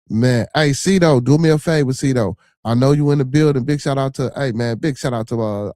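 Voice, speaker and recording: A man hosting a casual livestream podcast, rambling and cursing, full of fillers and shout-outs to his viewers. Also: mid-range voice, dry recording, studio quality. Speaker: podcast host.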